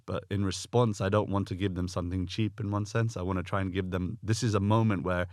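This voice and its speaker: Low-voiced soft-spoken male host. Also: fairly even intonation, a little fast, no echo, clean studio sound. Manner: gentle, earnest, softly spoken with occasional stammered restarts. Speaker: podcast host. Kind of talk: reflective podcast conversation.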